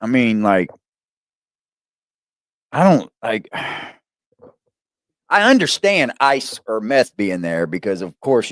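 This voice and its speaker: Loud, profane male reaction streamer. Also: lowish voice, no room sound, studio quality. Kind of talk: live reaction commentary.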